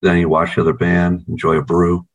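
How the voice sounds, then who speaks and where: A man's voice: deep voice, monotone, fairly quick, low-quality recording. A man from the United States, a band member, chatting casually over a video call, laid-back, swearing freely and telling stories with energy.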